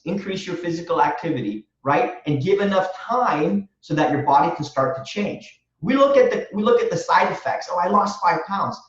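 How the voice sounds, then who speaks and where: A man talks earnestly and motivationally, leaning on repeated phrases to drive his point home. His voice sits a little high. He sounds set back from the mic in an echoey room, on a dull, lo-fi line. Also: recorded from a distance. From Romania. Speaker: guest, real estate wholesaler. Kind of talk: podcast interview answer.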